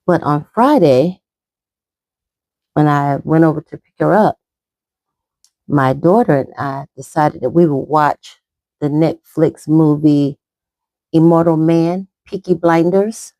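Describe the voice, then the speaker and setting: A woman's voice: deep voice, slow pace, long pauses, mellow, dry recording. A middle-aged woman rambling chattily through a makeup tutorial, talking as she applies it. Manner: rambling, chatty, talks while applying makeup. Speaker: makeup vlogger. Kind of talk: casual makeup tutorial chat.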